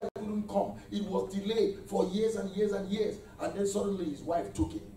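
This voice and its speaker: A pastor preaches to his congregation in a church hall, leading call-and-response and calling out praise between points. His voice sits high and steady, mellow, at a moderate pace. The hall echoes, the mic is far off, and there's slight background noise.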